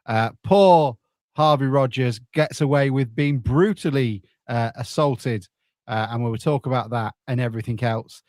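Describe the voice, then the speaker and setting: A man hosting a casual football podcast, joking and relaxed with plenty of fillers. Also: mid-range voice, normal speed, no echo, studio quality. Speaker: podcast host.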